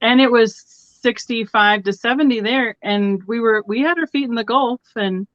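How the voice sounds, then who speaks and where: A woman from Colorado, appearing as a guest seller, chats loosely over a video call during a live stream, dropping plenty of little fillers. Her voice is fairly high and fairly bright, at normal speed. The audio is dull and lo-fi, in a dry room with no echo.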